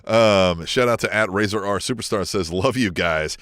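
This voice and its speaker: A man's voice: fairly low pitch, moderate pace, a bit bright, dry recording, clean studio sound. A man co-hosting a wrestling podcast in casual chat, joking and playful as he reads out listener tweets. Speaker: podcast co-host.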